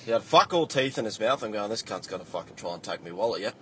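A man's voice: on the low side, animated, fast talker, bright, forceful tone, a little hiss or hum. A man leaving a ranting voice message, swearing constantly as he tells a story. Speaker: caller sending a voice message. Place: in a car on the way to work.

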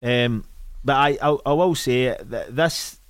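A man's voice: mid-range voice, slow, clean tone, no echo, clean studio sound. A Scottish man co-hosting a podcast in casual chat, blunt, sweary and joking. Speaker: podcast co-host.

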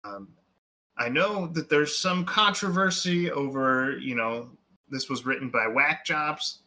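A man's voice: medium pitch, a little slow, sharp tone. A man co-hosting a podcast, chatting casually about movies, rambling and full of fillers. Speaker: podcast co-host.

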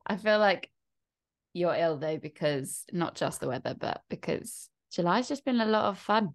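A woman co-hosting a podcast in casual, bubbly chat, laughing often and talking in quick bursts. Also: mid-range voice, very animated. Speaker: podcast co-host.

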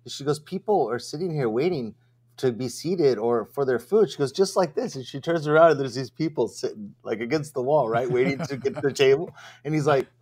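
This man speaks a little fast at medium pitch, with a slightly rough voice, as co-host of a vending business livestream. His casual storytelling is animated, packed with fillers and acted-out quoted voices.

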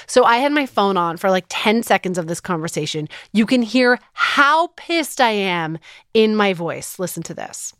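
A woman's voice: mid-range voice, animated, normal speed, fairly bright tone, no echo, clean studio sound. A woman in her thirties hosting a podcast, telling a story with fired-up, emphatic energy. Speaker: podcast host. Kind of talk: animated storytelling.

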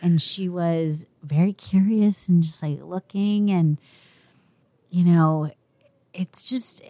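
A woman chatting casually as a guest, telling a story in an animated way and acting out what people said. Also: lowish voice, takes it slowly, no echo. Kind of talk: casual chat.

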